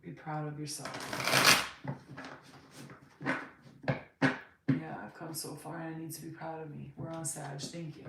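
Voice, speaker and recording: A woman's voice: deep voice, level tone, measured pace, creaky, long pauses. A woman giving a casual spiritual reading, emotional and emphatic, swearing freely as she talks. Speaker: tarot card reader. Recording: very echoey room, mic far off, noisy.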